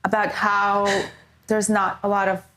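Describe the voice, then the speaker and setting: A woman's voice: mid-range voice, completely flat delivery, measured pace, bright, forceful tone. A woman comedian co-hosting a podcast, chatting eagerly and casually. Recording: echoey room.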